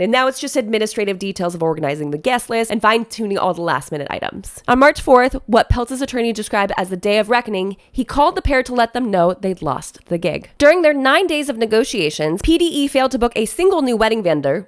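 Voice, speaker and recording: A woman's voice: on the high side, quick pace, hardly any pauses. A woman wedding planner giving chatty, emphatic reaction commentary for an online video. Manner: emphatic, animated, chatty with frequent laughs.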